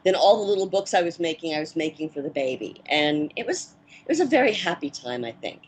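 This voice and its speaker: A woman in her fifties, a former child actress turned film producer, recalling her career in a measured, reflective way with soft fillers. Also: low voice, very animated, slightly rough, poor audio. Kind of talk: interview reminiscence.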